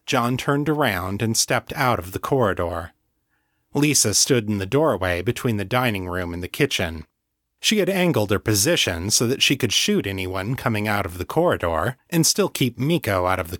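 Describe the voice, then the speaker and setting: A man reading fiction aloud as an audiobook narrator, in a measured, deliberate way. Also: on the low side, fairly bright tone, no room sound, clean studio sound. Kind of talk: scripted narration.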